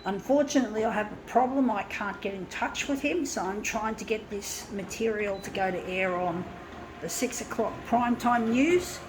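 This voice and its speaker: A woman's voice: medium pitch, normal speed, background noise. A woman, rambling chattily to viewers as she crafts at home and calling them "folks". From Guam. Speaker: vlogger. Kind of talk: casual crafting vlog. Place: home lounge room with a fan.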